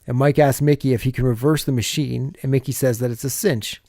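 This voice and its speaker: Man, podcast co-host, mellow warm tone, dry close sound, chuckling recap. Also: medium pitch, steady tone, brisk, dry recording. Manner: laughs often while retelling scenes. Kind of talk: casual chat recap.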